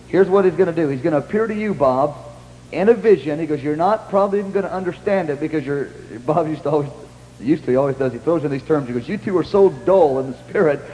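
A man eagerly retells a shared story and prompts his partner along. His voice is fairly high and warm. A long hall reverb surrounds him, over a faint hum. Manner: lively retelling, acting out quotes, prompting the other man. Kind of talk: conversational retelling.

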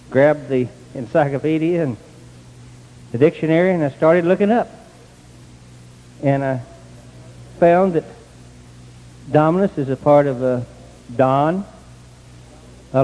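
An older man shares his own story in a plain, folksy manner, breaking into excited bursts. His voice sits somewhat high but mellow. The recording carries a long, hall-like reverb. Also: a little slow, pauses often. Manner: plain country speech, rising to excited outbursts. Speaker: testimony speaker.

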